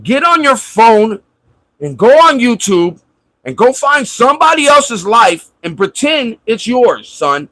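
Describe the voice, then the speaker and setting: A man's voice: very high-pitched, sing-song, unhurried, bright, forceful tone, no echo, voice pushed up, exaggerated voice, poor audio. A man voicing an impatient mother who curtly dismisses her son. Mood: dismissive. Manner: curt, dismissive.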